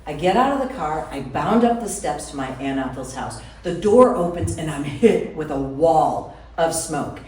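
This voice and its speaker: A woman telling a personal story to a live audience in a lively, chatty way, often speaking to the crowd directly. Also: sits low, moderate pace, hardly any pauses. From Wisconsin. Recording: roomy hall from far off, faint room noise.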